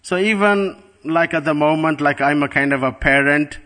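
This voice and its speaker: A man's voice: fairly high pitch, normal speed, bright, forceful tone. A middle-aged man giving a devotional class, telling a story in an earnest way and repeating words for emphasis. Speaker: spiritual teacher.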